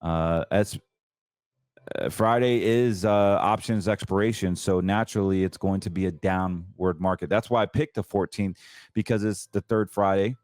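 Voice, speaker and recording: A man hosting a financial talk show, chatting casually and excitably about trades, often stumbling and restarting his sentences. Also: deep voice, normal speed, no echo, clean studio sound. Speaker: host.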